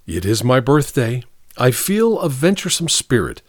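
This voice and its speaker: A man's voice: on the high side, very animated, unhurried, no echo, clean studio sound, pitched above the performer's own voice. A man playing a courtly old statesman. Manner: formal, courtly.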